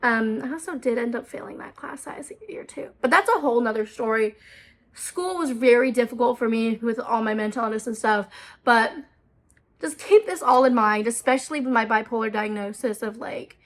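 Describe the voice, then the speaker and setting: A young woman in her twenties tells a story straight to camera in a casual, self-mocking ramble. Her voice sits a little high for a woman. She swears freely and leans on "like" as a filler between thoughts. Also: moderate pace. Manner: chatty, profane, self-mocking, many "like" fillers. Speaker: storytime vlogger.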